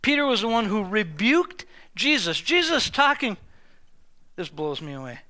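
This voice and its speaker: An older man preaching a lively sermon, telling stories with acted-out voices and humor, often restarting and repeating words. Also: high-pitched, moderate pace. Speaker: pastor.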